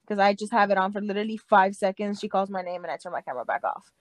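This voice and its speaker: A young woman in her late teens telling a story to friends in casual chat, animated and profane, laughing as she mimics what others said. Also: mid-range voice, rapid-fire, dry recording.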